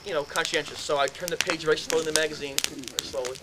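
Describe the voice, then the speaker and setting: A man gives a lecture in a room, telling his story with animated energy and acting out each exchange. His voice sits a little high for a man. Steady noise runs under the recording. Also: rapid-fire.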